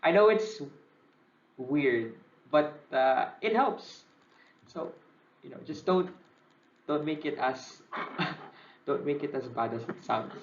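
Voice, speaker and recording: A young Filipino man lectures with a slightly high voice, mixing Tagalog into his English and pausing to ask "okay?". The recording sounds echoey and dull, as if taped in a bare room. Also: expressive, a little hiss or hum. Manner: Taglish code-switching, frequent "okay?" checks. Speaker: civil service exam reviewer.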